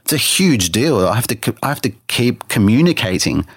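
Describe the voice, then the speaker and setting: A man's voice: mid-range voice, sing-song, brisk, breathy edge, no room sound, studio quality. A man telling a personal story in an interview, earnestly, with many restarts, acting out his own thoughts in quoted lines. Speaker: interview guest. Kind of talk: personal testimony in conversation.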